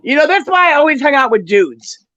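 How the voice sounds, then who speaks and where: A woman's voice: sits high, big pitch swings, brisk, fairly bright tone, no echo, highs cut off. A woman hosting a casual livestream chat, telling brash, profane stories and often breaking into laughter. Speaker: livestream host.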